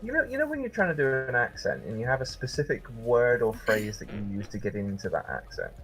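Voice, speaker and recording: A man's voice: medium pitch, very animated, quick pace, fairly bright tone, low-quality recording. A British man in casual group chat on a voice call, playful and fond of putting on silly accents. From Britain.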